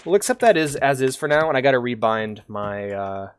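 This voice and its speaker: A man's voice: fairly low pitch, moderate pace, clean tone, no room sound. A man streaming a video game, chatting casually, joking and laughing at himself often. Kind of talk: casual gameplay commentary.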